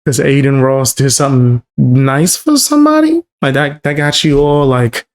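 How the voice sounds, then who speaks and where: Guy doing casual reaction commentary, slangy and mocking, mid-pitched voice, sounds like he can't believe what he's seeing. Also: lively intonation, normal speed. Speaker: commentary channel host.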